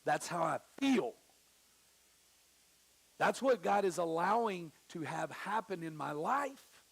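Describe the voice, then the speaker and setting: A man preaches in a church with a high, gravelly voice. He talks in a loose conversational way and jumps up in pitch when he acts out the people in his story. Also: animated, slow pace. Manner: conversational preaching, acting out quoted voices, pitch swinging widely. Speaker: pastor. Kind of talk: sermon. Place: church sanctuary.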